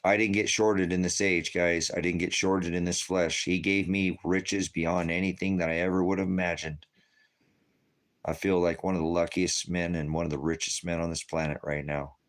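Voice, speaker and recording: Low-voiced emotional man preaching. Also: level tone, normal speed. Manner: rambling, emotional, often laughing and tearing up. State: tearful. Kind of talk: emotional personal testimony.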